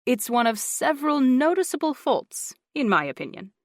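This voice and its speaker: A woman narrator voicing a teasing, deadpan man with an English accent. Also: sits high, moderate pace, no room sound, clean studio sound, pitched above the performer's own voice. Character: teasing dry-humored man.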